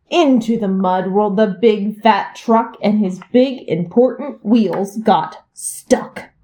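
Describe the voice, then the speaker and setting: A woman reading a children's picture book aloud in an expressive, sing-song way. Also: fairly high pitch. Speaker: reader.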